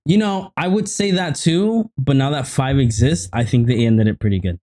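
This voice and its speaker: A man's voice: mid-range voice, moderate pace. A man co-hosting a casual podcast, chatting in a loose, rambling way. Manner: relaxed, rambling, full of fillers and restarts. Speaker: podcast co-host. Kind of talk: casual chat.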